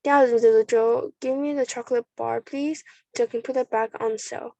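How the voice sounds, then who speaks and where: A woman's voice: on the high side, fairly even intonation, moderate pace, gravelly, no echo. A woman voicing a big jolly, kind male shopkeeper in a storybook reading, fatherly and a bit muddled. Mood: kindly. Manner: warm, fatherly, a little muddled.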